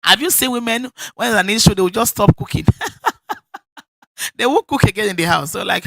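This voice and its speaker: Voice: medium pitch, animated, a little fast, creaky, a bit bright, no echo. A preacher with a Nigerian accent giving an emphatic church sermon, repeating key phrases and laughing often. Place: church service.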